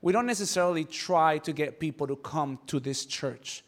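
A male pastor preaches in a casual, conversational way, full of humorous asides, and acts out dialogue as he goes. His voice sits high for a man. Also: normal speed. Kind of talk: conversational sermon.

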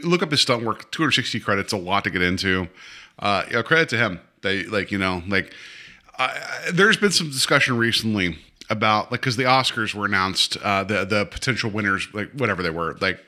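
A man co-hosting a casual film podcast, rambling and animated, with many restarts and asides. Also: lowish voice. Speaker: podcast co-host. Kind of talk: casual chat about films.

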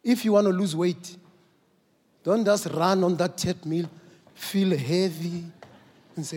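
A man preaching a sermon, moving from quiet, slow teaching up to shouted exhortation. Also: sits high, steady tone, slight background noise. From South Africa. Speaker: pastor. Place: large church hall. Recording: long church hall reverb.

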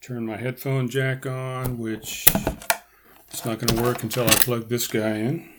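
A man's voice: medium pitch, little pitch movement, unhurried, very noisy. A man hosting a podcast as a casual livestream from home, rambling and correcting himself and laughing at his own slips. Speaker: podcast host. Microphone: headphones and camera, live stream.

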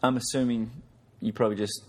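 A man in casual podcast chat with a plain mid-range voice. He needles his co-host with dry, deadpan teasing. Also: mid-range voice, fast talker.

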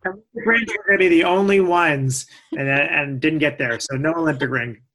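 Guy on a podcast, bright voice, quick jokey answers about himself. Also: fairly high pitch. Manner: quick, self-mocking answers. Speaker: podcast guest, endurance athlete. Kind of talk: casual interview chat.

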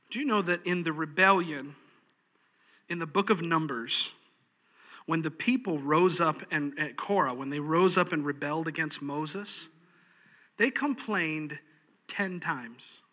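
A man's voice: a little high, pushed and bright, long reverb tail. A man preaching a sermon in a folksy, practical way, chuckling often. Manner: folksy, practical, laughs easily. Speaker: pastor.

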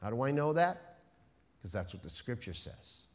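A man preaching a sermon, stressing key words with slow, emphatic phrasing. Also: medium pitch, very animated. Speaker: pastor.

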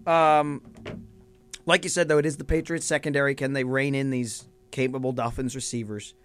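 A man co-hosting a casual sports podcast. He banters playfully and often pauses on fillers as he thinks. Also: medium pitch. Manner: animated, playful, halting with fillers. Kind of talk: casual sports picks chat.

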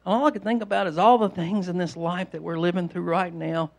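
A man's voice: sits high, fairly even intonation, brisk, creaky. A man preaching an informal sermon, rambling and repeating himself as he tells homespun stories. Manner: rambling, repetitive, homespun storytelling. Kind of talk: conversational sermon.

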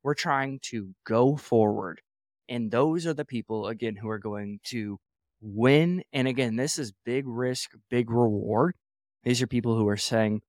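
A man gives a punchy motivational talk to church leaders, stacking up repeated phrases and quick restarts. His voice sits at an ordinary male pitch. The recording is dry, with no room sound. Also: a little mellow, no room sound. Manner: emphatic, repeats phrases, fast self-corrections. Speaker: podcast host teaching church leaders. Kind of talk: energetic motivational teaching.

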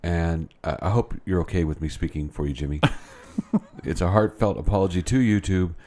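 Male morning show co-host, lowish voice, easygoing joker in casual chat. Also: a little fast, darkish tone. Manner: joking, easygoing banter.

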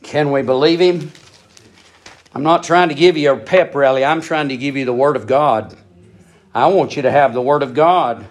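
A man's voice: mid-range voice, moderate pace. A man preaching a sermon, emphatic and repetitive, building in intensity.

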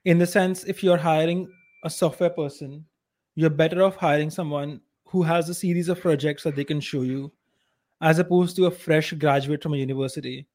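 Slightly high and steady, at a moderate pace, an Indian-accented man talks on a podcast he co-hosts. The chat is casual, but he's blunt and strongly opinionated, with uneven volume.

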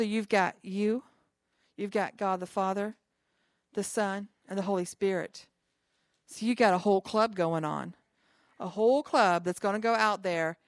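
A woman's voice: medium pitch, no room sound, studio quality. A woman pastor giving an informal sermon to a small group, talking conversationally with chatty asides between scripture readings.

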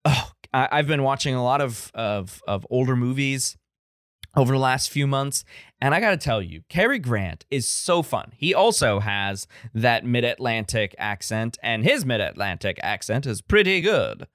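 A man's voice: mid-range voice, very animated, moderate pace, a bit bright, no room sound, clean studio sound. A man hosting a casual film-review podcast, rambling through tangents with restarts and obvious enthusiasm. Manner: rambling, digressive, many restarts; enthusiastic about old films. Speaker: podcast host.

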